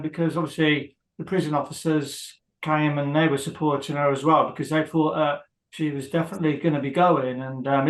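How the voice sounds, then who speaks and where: A man being interviewed, talking hesitantly with many pauses and fillers as he rambles through what happened. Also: on the high side, fairly bright tone, reverberant, rough recording. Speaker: guest, husband of a prisoner. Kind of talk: emotional interview.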